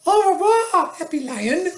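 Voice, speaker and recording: A man's voice: very high-pitched, very animated, unhurried, a bit bright, roomy sound, slight background noise, pitched above the performer's own voice, full character voice. A man putting on a French-accented old lady's voice for a storybook character. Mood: cheerful. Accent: French, put on. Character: old French lady, high and sing-song.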